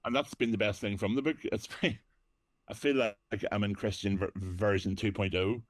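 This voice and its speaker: A man's voice: on the low side, fairly even intonation, normal speed, no room sound. A middle-aged man from Northern Ireland, chatting casually as an interview guest, self-deprecating with frequent ums. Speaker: guest, actor and DJ.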